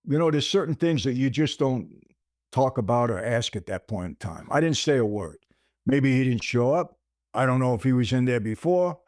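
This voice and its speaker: A podcast host with an expressive, darkish, mid-range voice tells a personal story at a moderate pace, speaking directly to listeners he calls "people" and acting out quoted dialogue. The studio sound is clean, with no echo.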